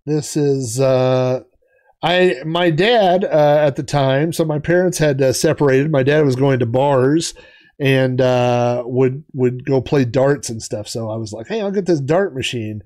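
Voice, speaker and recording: A man telling stories on a retro gaming vlog in a chatty, rambling way, wandering off on tangents as he talks. His voice sits at an average male pitch. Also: steady tone, a little slow, darkish tone. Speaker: retro gaming channel host. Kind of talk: casual storytelling vlog.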